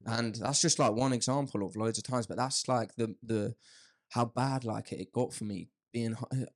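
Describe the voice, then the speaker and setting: A man's voice: mid-range voice, steady tone, moderate pace. A young man chatting candidly on a podcast, rambling and calling his listener "mate". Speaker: podcast host. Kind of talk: casual podcast chat.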